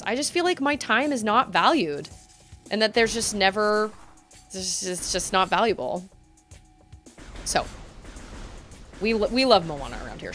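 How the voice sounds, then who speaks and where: A woman's voice: medium pitch, a bit bright. A woman livestreaming a video game, chatting casually and rambling, laughing often. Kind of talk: casual chat while gaming.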